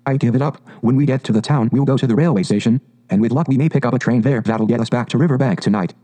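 A man playing a practical storybook water rat who speaks firmly and sternly. The tone is low-key and mellow. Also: quick pace, lightly acted. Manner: firm and stern. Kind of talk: storybook reading.

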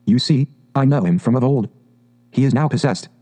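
A man's voice: mid-range voice, moderate pace, mellow, natural voice. A man voicing a stern, practical male water rat who speaks firmly, in a storybook reading. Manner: firm and stern.

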